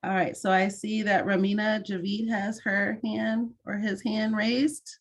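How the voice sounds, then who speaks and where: A woman's voice: mid-range voice, level tone, unhurried. Woman hosting an online mentoring call. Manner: friendly, directive, with fillers. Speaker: mentoring session host. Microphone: video call.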